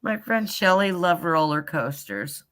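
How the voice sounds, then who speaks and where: An older woman chatting casually, telling animated stories and acting out her own reactions with lots of exclamations. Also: fairly low pitch, unhurried, crowd noise. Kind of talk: casual chat.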